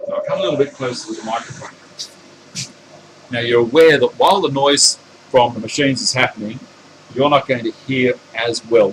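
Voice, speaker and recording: A man's voice: mid-range voice, a little hiss or hum. Host read: middle-aged Aussie bloke, easygoing and jokey, running through viewer chat in his workshop. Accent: Australian. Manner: reads viewer comments aloud, chatty and joking. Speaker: woodworking live-stream host. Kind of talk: casual live-stream chat. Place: home woodworking workshop.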